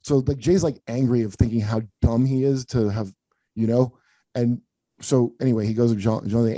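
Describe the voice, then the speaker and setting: A man's voice: mid-range voice, normal speed, dark tone, no room sound. A man hosting a comedy podcast, telling rambling, profane stories in casual chat. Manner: profane, rambling anecdotes with acted-out quotes.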